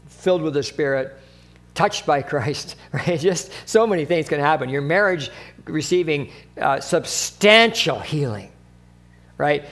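A male pastor preaching in a conversational way, often acting out short exchanges and laughing. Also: on the high side. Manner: conversational, acts out little dialogues, laughs often. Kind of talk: sermon.

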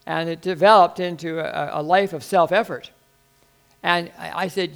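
A man's voice: a little high, fairly even intonation, moderate pace, vocal fry, fairly bright tone, clean tone. An older man preaching a sermon as pastor, folksy and rambling, with self-deprecating humor.

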